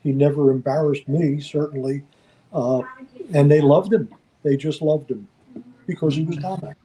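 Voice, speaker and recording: Brief: man guest, dark mellow voice, unhurried and hesitant. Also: fairly high pitch, steady tone, low-quality recording. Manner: measured, hesitant, fond. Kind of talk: reminiscing in conversation.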